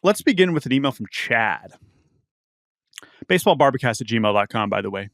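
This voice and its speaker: Gravelly-voiced male podcast co-host. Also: mid-range voice, sing-song, fairly bright tone, dry recording, clean studio sound. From United States. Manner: halting, repeats words, reads listener email aloud. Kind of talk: casual podcast chat. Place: small-town home studio.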